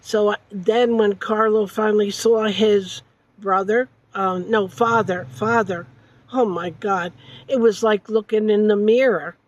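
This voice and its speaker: An older woman recounting a family story in an interview, halting and correcting herself as she goes. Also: mid-range voice, steady tone, a little mellow, lo-fi sound, slight background noise. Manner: halting, with frequent hesitations and self-corrections.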